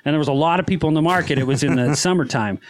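A man from Utah, a farmer and podcast guest, telling stories in casual chat, animated and laughing often. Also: fairly high pitch, very fast. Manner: animated, laughs often, acts out quoted voices. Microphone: podcast studio microphone.

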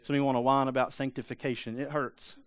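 A man preaching a lively, emphatic sermon. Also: medium pitch, fast talker, dry recording. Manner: emphatic, conversational preaching with rhetorical questions. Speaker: pastor.

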